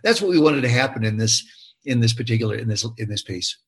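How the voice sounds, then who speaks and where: Husky older man, rambling interview talk. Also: mid-range voice, quick pace. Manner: expressive storyteller, many restarts and fillers. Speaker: actor interviewed about his film.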